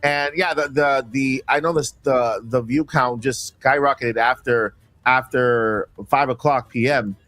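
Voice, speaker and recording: A man's voice: mid-range voice, steady tone, fairly bright tone, no echo. A man from Florida hosting a casual stream chat, rambling and restarting his sentences. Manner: rambling, repeats words, halting restarts. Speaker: stream host.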